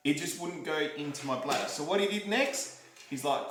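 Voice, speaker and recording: Animated Australian man telling a story. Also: on the high side, normal speed, a little hiss or hum. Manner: animated, repeats himself, acts out quotes and demonstrations. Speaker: vlogger. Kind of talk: casual storytelling to camera. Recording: roomy echo.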